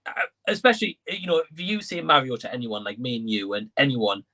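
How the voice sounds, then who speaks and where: Bright-voiced man co-hosting a stream. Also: medium pitch, very animated, fairly quick. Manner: conversational, thinking aloud with fillers. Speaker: co-host of entertainment live stream. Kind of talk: casual chat.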